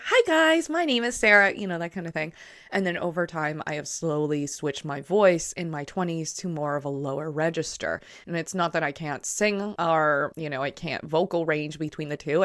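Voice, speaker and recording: A woman's voice: low voice, a bit bright, no room sound, clean studio sound. A woman in her thirties giving casual film commentary, musing and analytical with plenty of fillers. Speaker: channel host.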